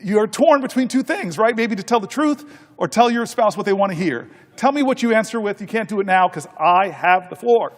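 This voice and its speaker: Middle-aged male senator, high voice, storytelling on the floor, halting delivery, echoing hall. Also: lively intonation. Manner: halting, repeats words, folksy anecdotes. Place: large legislative chamber. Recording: long reverb of a large chamber.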